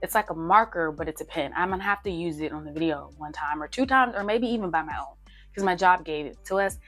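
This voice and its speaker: A young woman with a low voice chats through her budget, playful and teasing herself as she reads out figures. Her tone stays casual, like talking to friends from her desk. Faint music plays softly underneath. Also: fast. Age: young adult. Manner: chatty, playful, self-teasing, counts numbers aloud. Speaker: budgeting vlogger. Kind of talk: casual chat while budgeting on paper.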